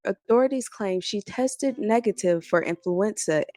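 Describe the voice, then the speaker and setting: Female narrator, scripted documentary read, even delivery. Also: mid-range voice, unhurried, no echo.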